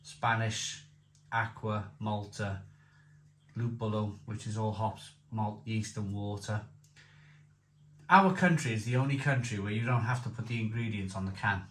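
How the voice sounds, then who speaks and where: A man's voice: on the low side, a little slow, fairly bright tone. A man reviewing a beer in casual chat, enthusiastic, repeating himself and rambling. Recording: echoey room with faint noise.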